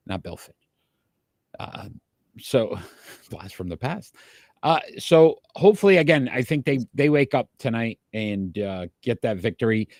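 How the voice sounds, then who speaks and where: A man hosting a casual sports talk show, chatty and quick to laugh, calling out to his live viewers. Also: medium pitch, sing-song, a little mellow, dry recording, clean studio sound. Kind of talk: casual sports picks chat.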